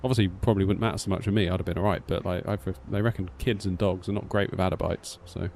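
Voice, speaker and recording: A man's voice: low-pitched, fast talker, gravelly, slight background noise. Rambling British man chatting on stream. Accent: British English. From United Kingdom. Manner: rambling storyteller, animated, acts out quotes. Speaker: flight sim streamer. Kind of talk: casual live-stream chat.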